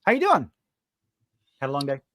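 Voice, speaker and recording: Fast-talking, excitable male stream host. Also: fairly high pitch, no room sound, clean studio sound. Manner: fast, excitable, profane rambling. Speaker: live stream podcast host. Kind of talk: casual chat.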